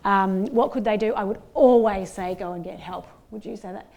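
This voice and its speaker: A woman's voice: medium pitch, normal speed, gravelly, darkish tone. A woman counsellor speaking on a panel, encouraging and conversational. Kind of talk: panel discussion.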